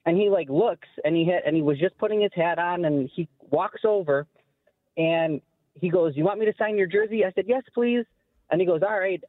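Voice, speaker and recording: A young man calling into a sports radio show, telling a long story in a rambling, animated way. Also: on the high side, no room sound. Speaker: caller. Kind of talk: call-in storytelling. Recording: dry tinny phone line.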